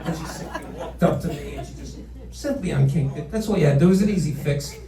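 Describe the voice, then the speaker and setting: A male stand-up comedian telling a story on a club stage, with animated, mock-outraged ranting. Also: on the high side, fairly quick. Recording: roomy club sound from a distant mic, crowd laughing.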